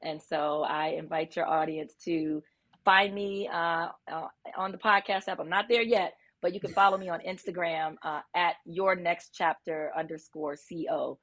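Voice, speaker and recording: Lower-voiced woman guest, earnest. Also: steady tone, normal speed. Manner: warm, earnest, many ums. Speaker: guest, physician. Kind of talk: interview.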